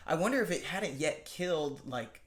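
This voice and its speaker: A man's voice: a little high, lively intonation, moderate pace. A man hosting a podcast, recapping a movie in a casual chatty way, full of filler words. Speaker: podcast host. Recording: roomy echo.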